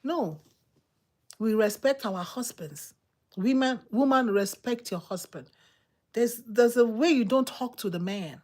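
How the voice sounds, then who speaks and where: A woman preaching a sermon in an emphatic, repetitive, exhorting manner, swinging between loud outbursts and low murmurs. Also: lively intonation, a little slow.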